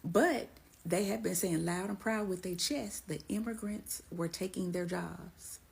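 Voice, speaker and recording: A woman with a husky, gravelly voice telling a story in a gossipy, sarcastic social media video. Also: lowish voice, measured pace.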